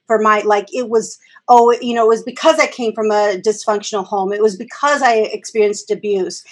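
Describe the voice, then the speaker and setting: A woman in her forties talks candidly in a conversation, with a husky, slightly breathy voice pitched a little high. She speaks earnestly and with emphasis, now and then letting a swear word land for force. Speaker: guest speaker with early education and trauma background. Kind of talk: candid conversational podcast talk.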